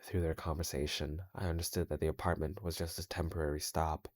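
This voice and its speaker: A man reads scary stories aloud in a steady, measured voice while gaming, slowing down on the tense parts. His voice sits extremely low, and the sound is close and dry with no room around it. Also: no echo. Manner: measured, steady reading with slow stretches. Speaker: channel host reading stories. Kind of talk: horror story reading while gaming.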